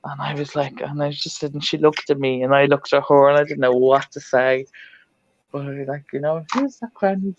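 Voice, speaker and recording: A woman's voice: low-pitched, flat delivery, fairly quick, a little hiss or hum. A woman hosting a craft livestream, chatting casually and laughing as she tells a funny story, heard through a computer mic on a video call. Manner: chatty, laughs often while telling a story. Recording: dull lo-fi livestream audio.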